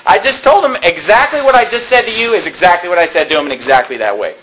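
A man's voice: sits high, animated, quick pace, noisy background. A male pastor telling a story from the pulpit in an emphatic, conversational way, chuckling now and then. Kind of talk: sermon storytelling. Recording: echoey room.

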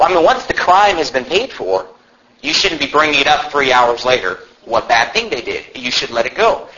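High voiced preacher guy, swoops all over, muffled lo-fi recording. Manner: animated preaching with mocking shouted impressions. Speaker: pastor. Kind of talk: sermon.

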